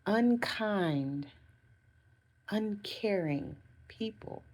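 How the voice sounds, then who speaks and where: Talking to camera in a relaxed motivational style, this woman vlogger shares heartfelt self-care advice, repeating phrases for emphasis. She speaks in a mid-range, animated voice, very slowly, with a darkish tone.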